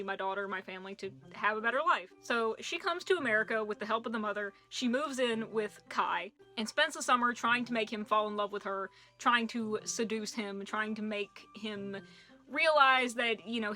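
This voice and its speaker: Bright, chatty young woman reviewing books. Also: medium pitch. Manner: chatty and jokey, with puns and asides. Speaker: book reviewer. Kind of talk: casual book review vlog.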